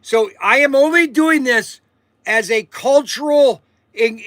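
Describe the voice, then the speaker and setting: A man with a high, bright voice hosts a casual livestream. He rambles, circles back on himself and keeps checking in with his viewers. The sound is dry and close, with no room around it. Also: no echo. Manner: rambling, repeats himself, says okay often. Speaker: livestream host.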